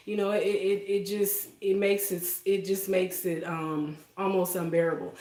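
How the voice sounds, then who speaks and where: A woman hosting a casual livestream from her home kitchen, talking emotionally and softly and laughing often as she greets viewers. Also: mid-range voice, flat delivery, moderate pace, hardly any pauses, roomy sound. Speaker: livestream host. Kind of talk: casual live-stream chat with viewers.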